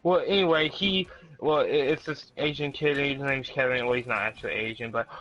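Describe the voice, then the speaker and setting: Bright-voiced guy on a dull lo-fi mic. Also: mid-range voice, brisk. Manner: animated, swears a lot, acts out quotes loudly. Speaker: podcast co-host. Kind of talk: casual storytelling among friends.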